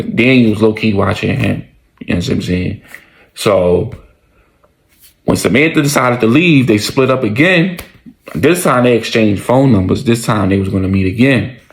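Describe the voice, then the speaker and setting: Low gritty-voiced guy telling a wild story, slangy, cussing, repeats stuff. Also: vocal fry. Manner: slangy, profane, repeats lines. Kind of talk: casual storytime narration.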